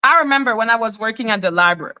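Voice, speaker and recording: A Canadian woman on a live stream, ranting emphatically in casual talk, swearing and mimicking other people in high voices. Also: expressive, rapid-fire, pushed and bright. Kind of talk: heated casual rant.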